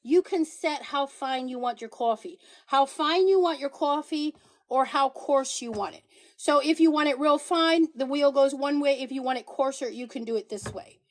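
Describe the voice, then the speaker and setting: Middle-aged woman, high-pitched, chatty live-seller who repeats herself and jokes. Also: normal speed. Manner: chatty, repeats herself, jokey hard sell. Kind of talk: casual live-stream product demo.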